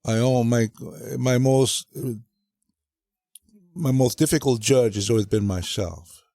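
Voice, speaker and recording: An older man with a mid-range voice tells family stories close to a dry podcast mic. He slips into the voices of the people in his tales and gets animated at the funny parts. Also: medium pitch, takes it slowly, dry recording. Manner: animated storyteller who acts out voices. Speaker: guest father telling stories. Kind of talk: storytelling chat.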